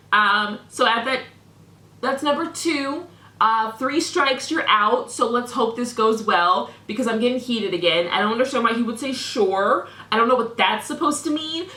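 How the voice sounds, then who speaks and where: A woman's voice: on the high side, bright, forceful tone, roomy sound. A young woman vlogger reading out messages with sarcastic, mock-indignant commentary.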